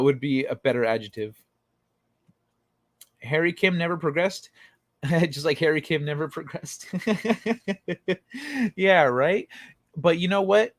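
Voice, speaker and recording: On a relaxed livestream, a male host rambles off on tangents, full of fillers, reads chat comments out loud, laughs a lot, and swears without holding back. His pitch is medium, and the sound is clean studio audio with no echo.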